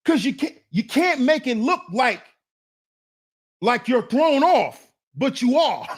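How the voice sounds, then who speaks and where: Animated laughing man talking to the fellas. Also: very high voice, slow pace, slightly rough. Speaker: online commentator reacting to clips. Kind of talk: casual reaction commentary.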